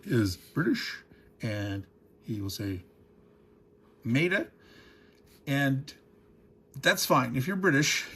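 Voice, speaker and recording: A man's voice: a little high, a bit bright, breathy edge. A man hosting a board game unboxing, talking casually, wandering off into digressions and chuckling as he goes. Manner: rambling, digressive, chuckles often.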